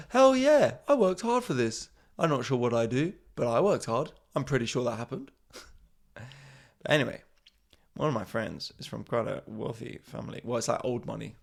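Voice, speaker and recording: A man's voice: mid-range voice, normal speed, gravelly, breathy edge. A man, a comedian hosting his podcast in a casual, rambling monologue, swearing freely and mocking himself.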